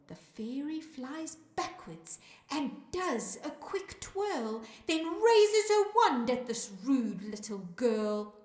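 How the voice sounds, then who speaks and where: Animated woman reading a rhyming story. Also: high voice, reverberant. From South Africa. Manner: sing-song rhyming read-aloud, calls out to young listeners. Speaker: children's music teacher reading a story.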